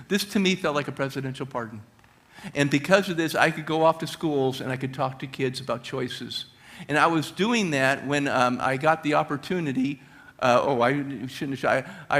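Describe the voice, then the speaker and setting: A middle-aged man giving a motivational talk at a church, telling stories with high energy. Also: a bit bright. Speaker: guest speaker.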